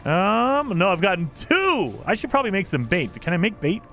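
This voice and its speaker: A man's voice: sits high, very animated, normal speed, fairly bright tone, soft background music. A man streaming a game live, chatting with his viewers and laughing often as he plays. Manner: chatty, laughs often, talks to chat while playing. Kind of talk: casual live-stream chat.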